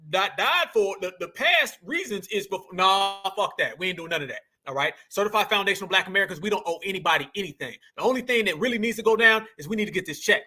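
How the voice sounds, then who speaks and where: A man's voice: high voice, sharp tone. A man hosting a political commentary show, ranting emphatically in slangy speech and calling his viewers family.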